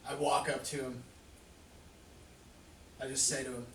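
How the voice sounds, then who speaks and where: A man playing a tabletop game, giving forceful in-character speeches. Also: medium pitch, flat delivery, unhurried. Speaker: player. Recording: echoey room, distant from mic.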